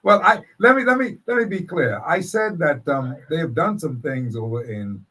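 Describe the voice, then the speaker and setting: A Bahamian man hosting a call-in radio show, pitched a touch higher than most men. His husky voice stumbles and searches for words as he defends his point. He sounds set back from the microphone. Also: lively intonation, normal speed, bright, forceful tone, far from the mic. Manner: hesitant, searching for words, laughing it off. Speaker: radio talk show host. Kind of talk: live call-in radio debate.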